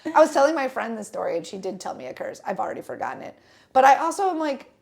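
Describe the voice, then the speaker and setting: A woman's voice: on the high side, sing-song, fast talker, vocal fry, a little mellow. A young woman telling a rambling travel story on a casual podcast, with lots of fillers and restarts. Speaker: podcast co-host.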